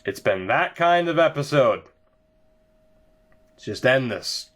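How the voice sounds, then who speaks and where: A young man narrates his video game session with weary sarcasm, drifting from one grumble to the next. He talks at a slow, drawn-out pace in a voice of middling pitch. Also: lively intonation, a bit bright. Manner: exasperated, sarcastic, rambling. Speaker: gaming video creator. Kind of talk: let's-play commentary.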